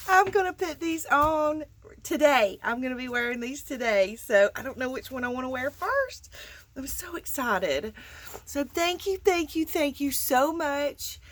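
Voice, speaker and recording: A middle-aged crafting vlogger from Georgia, USA, speaks with a Southern accent in a high-pitched, slightly bright voice. She's animated but unhurried, chatting casually and effusively with her viewers while unboxing mail.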